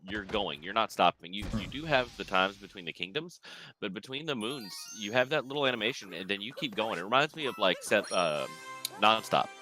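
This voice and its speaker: A man's voice: fairly low pitch, animated, a little fast, pushed and bright, soft background music. A man co-commentating a speedrun race in a laid-back, hesitant way with many ums and uhs. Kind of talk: live game commentary.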